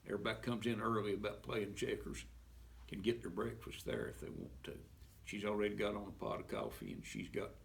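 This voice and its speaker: A man's voice: fairly low pitch, vocal fry. A man telling a folksy story with sound effects at a library event.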